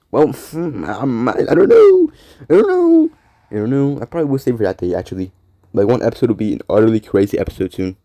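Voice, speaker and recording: A man's voice: medium pitch, dark tone, no room sound. A man hosting his own show, talking alone in a casual, rambling way, repeating words and trailing off into mumbled asides. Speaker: podcast host. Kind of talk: casual solo monologue.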